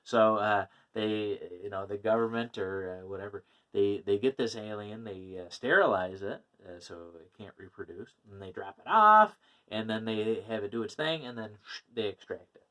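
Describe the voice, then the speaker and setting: A man's voice: fairly low pitch, normal speed, pushed and bright. Rambling man reviewing comics. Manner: rambling, many fillers and laughs. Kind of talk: casual chat.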